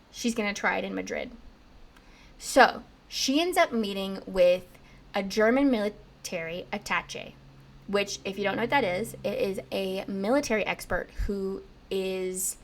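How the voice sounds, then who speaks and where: Chatty young woman telling a story. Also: mid-range voice. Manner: chatty, lots of "like", acts out quotes in lively bits. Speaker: podcast co-host telling a story. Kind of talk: casual storytelling chat.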